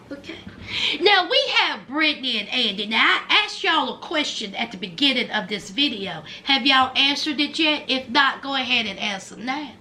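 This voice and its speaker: A woman's voice: sits high, animated, normal speed, few pauses, sharp tone, a little hiss or hum. A woman giving a casual, sassy recap commentary, dramatically acting out what people said. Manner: sassy, dramatic, acts out quotes.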